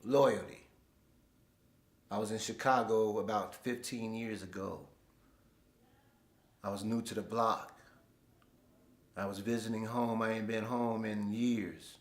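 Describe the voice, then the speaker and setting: A man's voice: lowish voice, fairly even intonation, unhurried, pauses often, roomy sound. A man hosting his own show, telling stories in a laid-back, slangy way. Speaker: host. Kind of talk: casual storytelling monologue.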